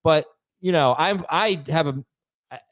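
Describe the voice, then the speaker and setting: Man, podcast host, casual chat, reads listener emails, quick halting bursts, slightly high voice, dry close sound. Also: a bit bright, dry recording.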